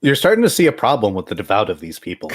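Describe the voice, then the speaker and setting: A man runs a tabletop game from his home stream setup, narrating scenes with an easygoing chuckle. His pitch swings freely as he talks, rising and dipping through each line. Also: quick pace, breathy edge. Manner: relaxed, chuckling, talks while eating. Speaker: game master.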